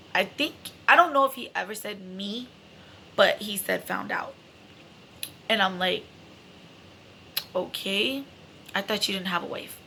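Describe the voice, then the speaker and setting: A woman's voice: mid-range voice, bright, forceful tone, slight background noise. A young adult woman telling a personal story in a casual, emotional way, swearing freely and filling her talk with "like" and "you know". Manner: emotional, candid, swears freely, heavy fillers.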